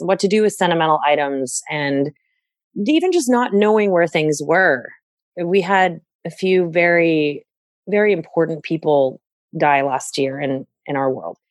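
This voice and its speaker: Guest woman, low-pitched, candid and self-deprecating, dry close recording. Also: no room sound. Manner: candid, reflective, laughs at herself. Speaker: interviewee, organizing client. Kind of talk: casual podcast interview.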